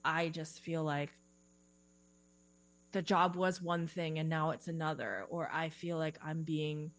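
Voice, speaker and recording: A woman in a relaxed podcast interview, speaking as a career coach in a slightly low voice. She chats loosely with plenty of "like" and small giggles. A faint electrical hum runs under the recording. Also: measured pace, poor audio. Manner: chatty, lots of "like" and "you know", giggly.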